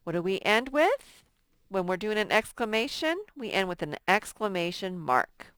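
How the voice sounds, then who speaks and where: A middle-aged woman teaching a lesson to young children, reading example sentences in a slow, sing-song way. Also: fairly low pitch, a bit bright, clear, resonant tone, no echo.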